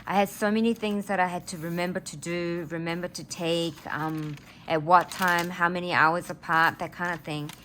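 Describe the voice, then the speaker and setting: A woman's voice: fairly low pitch, steady tone, moderate pace, few pauses, fairly bright tone, slight background noise. A woman, telling a personal story in a casual vlog, earnest and rambling as she gets emotional. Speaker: vlogger.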